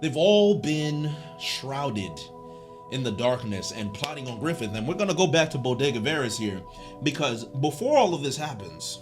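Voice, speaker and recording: A man giving a casual commentary recap as a video essayist, animated and joking, with a slangy way of talking. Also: a little high, moderate pace, soft background music.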